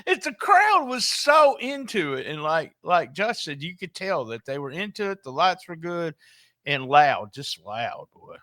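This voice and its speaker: A man's voice: fairly high pitch, sing-song, unhurried, sharp tone, no echo, clean studio sound. A man co-hosting a podcast, chatting enthusiastically and swearing freely. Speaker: podcast co-host. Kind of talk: casual chat.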